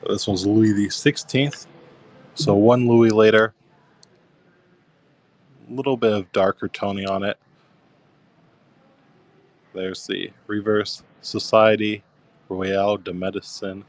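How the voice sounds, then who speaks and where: A man's voice: lowish voice, steady tone, slow, long pauses, dry recording. A young man casually hosting a live coin auction stream, describing each piece and thanking bidders by name.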